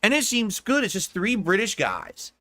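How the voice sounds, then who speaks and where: An American man talks to his stream audience in a rambling, casual way, laughing and swearing as he goes. His voice is bright and pushed forward, sitting a little high, and it sounds dry and close. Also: big pitch swings, moderate pace, dry recording. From United States.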